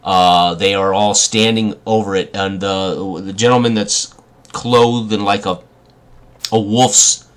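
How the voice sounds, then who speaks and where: A man's voice: fairly low pitch, steady tone, slow. A man running a tabletop role-playing game as game master, describing scenes with many fillers and restarts.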